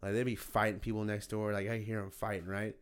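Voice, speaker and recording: A young man co-hosting a podcast, telling stories in casual chat, animated and laughing, swearing often and acting out other people's voices. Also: fairly low pitch, fast talker, clean tone. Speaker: podcast co-host.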